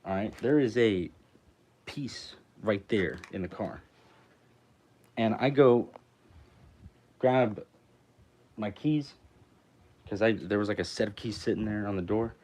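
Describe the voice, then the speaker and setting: Man, low-pitched, casual livestream chat, blunt, profane. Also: takes it slowly, pauses often, darkish tone. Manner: blunt, swears freely, storytelling with quoted dialogue. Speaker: livestream host.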